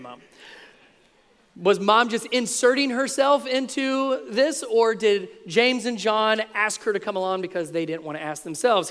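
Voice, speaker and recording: A man in his thirties preaching a sermon, lively and playful, acting out the voices in the stories he tells. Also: sits high, long reverb tail. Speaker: pastor.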